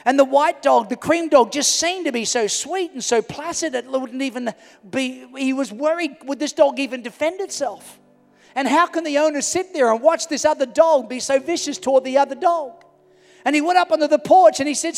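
A middle-aged male pastor preaching a sermon in a large church hall, swinging from loud to hushed. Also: very high voice, moderate pace, vocal fry. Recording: reverberant church hall with music.

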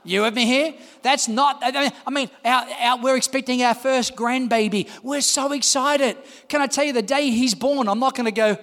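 A man in his fifties preaches to his congregation, his voice pitched unusually high. He builds into shouts and keeps calling out to the room for responses. The sound rings with the long reverb of a large church hall. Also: moderate pace, few pauses. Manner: impassioned, rising to shouts, calls to the congregation. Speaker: pastor. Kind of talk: sermon.

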